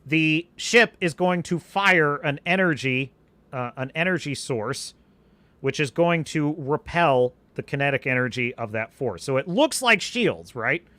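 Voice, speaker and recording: A man's voice: on the high side, measured pace, no room sound. A man hosting a live stream, chatting in a rambling way and answering viewers' questions. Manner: animated, rambling, restarts sentences. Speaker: podcast host.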